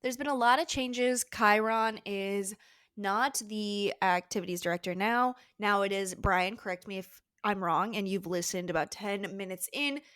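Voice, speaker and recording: A woman's voice: medium pitch, normal speed, fairly bright tone, no room sound. Conversational woman co-host, dry sound. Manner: conversational, plays out characters' lines. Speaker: podcast co-host. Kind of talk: casual book discussion chat.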